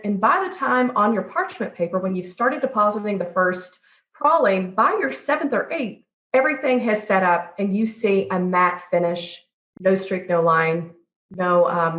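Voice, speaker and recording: A woman pastry chef, a guest on an interview podcast, telling stories from her training in a lively way and acting out what other people said. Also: medium pitch. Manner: lively storyteller who acts out quoted people. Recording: roomy echo.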